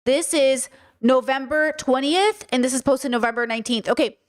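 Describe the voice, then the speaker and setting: A woman with a high voice hosts her own show and reacts to clips out loud. She talks bluntly and heatedly, swearing freely as she argues her point. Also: normal speed. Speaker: podcast host reacting to clips. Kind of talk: casual commentary.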